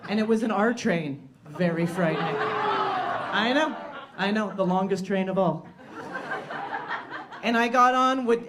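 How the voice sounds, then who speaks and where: A woman telling a stand-up story with wry, deadpan asides. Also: medium pitch, unhurried, long pauses, very noisy. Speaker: stand-up comedian. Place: comedy stage before a live audience. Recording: live crowd laughter behind.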